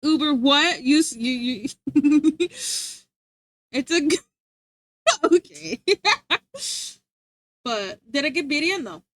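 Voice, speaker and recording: A woman's voice: sits high, slow pace, pauses often, dry recording. A young adult woman streaming live, giggling often as she chats casually with her viewers. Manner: giggly, animated, chatty. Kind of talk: casual chat reading live chat. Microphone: streaming mic.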